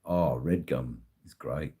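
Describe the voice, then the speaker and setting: A middle-aged Australian man talks casually to his livestream chat, stumbling over words and filling gaps with ums and uhs. His voice sits very low and he takes his time. He swears offhandedly as he goes. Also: dark tone, breathy edge. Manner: halting, many ums and repeated words. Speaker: livestream host.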